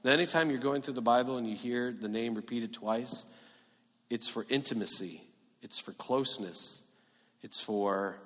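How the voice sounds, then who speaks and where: A man preaching a sermon in a church hall, earnest, moving between emphatic and hushed delivery. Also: medium pitch, moderate pace. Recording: echoey hall reverb.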